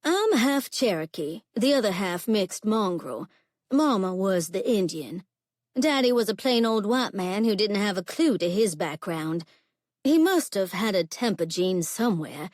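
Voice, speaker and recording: A woman voicing a fiery, proud middle-aged ranch mother who speaks in a forceful, emphatic drawl. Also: mid-range voice, no echo, studio quality, close to an everyday voice.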